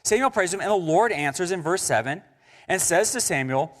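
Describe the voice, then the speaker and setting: A man's voice: high-pitched, a little fast. A young man preaching a sermon in a church, conversational and joking with the congregation. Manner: animated and conversational, with jokes and asides to the congregation. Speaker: pastor. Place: church sanctuary.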